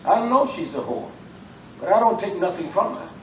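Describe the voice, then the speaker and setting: A man preaching in a loose, animated street style, his fairly high voice bursting out loud and then dropping back. He sounds roomy and a bit distant from the mic, with faint room ambience behind him. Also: moderate pace, slight background noise. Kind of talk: sermon.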